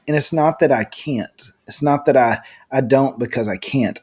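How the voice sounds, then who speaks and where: A man's voice: mid-range voice, moderate pace, few pauses, a little mellow. A man, a pastor, co-hosting a casual faith podcast, talking earnestly and often restarting his sentences. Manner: earnest, repeats words when starting sentences.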